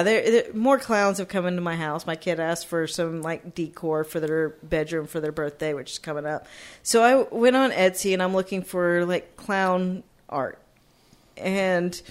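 A woman co-hosting a casual chat, telling stories with lots of laughter and swearing. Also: on the low side. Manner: laughs often, swears freely, animated storytelling. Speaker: podcast co-host.

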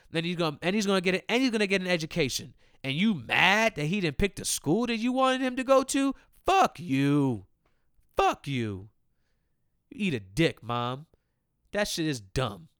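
A man's voice: sits high, big pitch swings, moderate pace, a bit bright, smooth, no room sound, clean studio sound. A man hosting his own podcast, ranting in a profane, heated and repetitive way and talking straight to his listeners. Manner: talks directly to listeners. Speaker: podcast host. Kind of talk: casual solo podcast rant.

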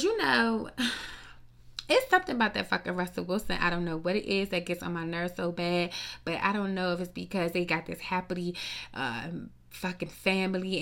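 A woman ranting in a casual, profane gossip monologue, sassy and animated, with lots of rhetorical questions. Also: lowish voice. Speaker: commentator. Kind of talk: casual celebrity gossip rant.

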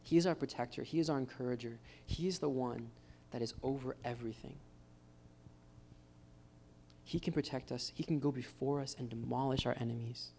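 A man's voice: mid-range voice, brisk, gravelly, warm tone, slight background noise. A man preaching a casual, encouraging sermon at a church gathering. He speaks informally and keeps calling his listeners "guys.". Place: church gathering with live guitar. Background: faint guitar.

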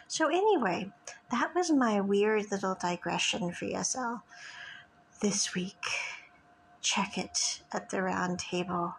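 A woman's voice: mid-range voice, moderate pace, creaky, a little hiss or hum, low-quality recording. A woman hosting her podcast, telling a story from her teaching work and acting out both sides of the conversation. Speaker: podcast host and ESL teacher. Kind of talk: casual monologue podcast.

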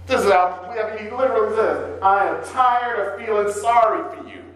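A male pastor preaching a sermon, swinging between slow low scripture readings and raised, urgent questions. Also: fairly bright tone, reverberant, low-quality recording. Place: church.

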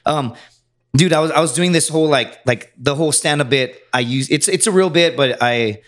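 A man's voice: fairly high pitch, moderate pace, fairly bright tone. A man, a stand-up comedian and podcast guest, telling rambling, profane stories in casual chat and acting out the lines of other people. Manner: rambling, profane, acts out quotes.

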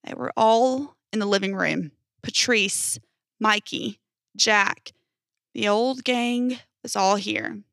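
A young woman hosting a podcast, narrating a first-person horror story in an even storytelling voice. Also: medium pitch, takes it slowly, vocal fry, dry recording, studio quality. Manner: even storytelling, hesitant um in sign-off.

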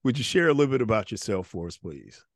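A man's voice: on the low side, lively intonation, fast talker, dry recording, studio quality. A middle-aged man hosting a faith-based interview podcast, talking earnestly and often repeating words as he restarts. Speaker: podcast host.

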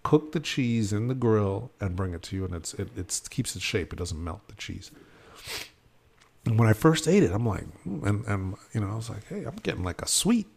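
Casting: male podcast host, low gravelly voice, chatty storyteller who acts out every quote. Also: normal speed. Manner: animated storyteller, acts out quotes, many fillers. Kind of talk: casual chat.

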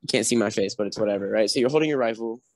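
A man's voice: lowish voice, rapid-fire, no echo. A young man, a podcast guest, casually telling a story and acting out what people said. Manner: animated, acts out quotes. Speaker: podcast guest, former recruit.

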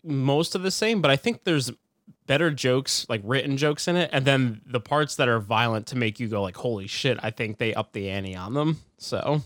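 A man's voice: medium pitch, moderate pace, fairly bright tone, dry recording, clean studio sound. A man co-hosting a movie-review podcast in casual chat, rambling with many fillers and chuckles. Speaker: podcast co-host.

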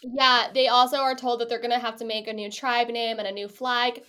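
Chatty, animated woman podcaster. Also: fairly high pitch, fairly quick. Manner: chatty, animated, laughs often, swears casually. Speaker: podcast co-host. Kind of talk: casual chat recapping a reality show.

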